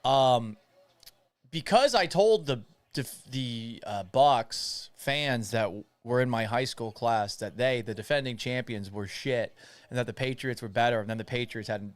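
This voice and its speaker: A man in his thirties, raised in Florida, hosts a live watch party with loose, rambling commentary. He reads viewer messages and jumps back to the plays. His voice sits at an ordinary pitch and sounds dry and close. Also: no room sound. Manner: rambling, reads viewer chat, play-by-play asides. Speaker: sports talk host.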